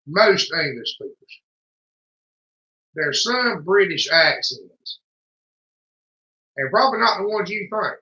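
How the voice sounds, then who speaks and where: A man's voice: sits high, sharp tone. A man with a Southern US accent, telling folksy stories as a livestream co-host in casual chat. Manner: folksy drawling storyteller. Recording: echoey room, dull lo-fi sound.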